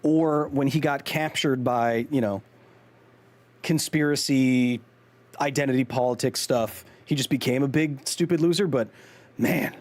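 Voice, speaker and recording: A man's voice: medium pitch, measured pace. A man hosting a live game stream, chatting casually with viewers, rambling with many restarts and poking fun at himself. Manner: rambling, chatty, talks back to chat; frequent ums and restarts, self-mocking. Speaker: gaming streamer host.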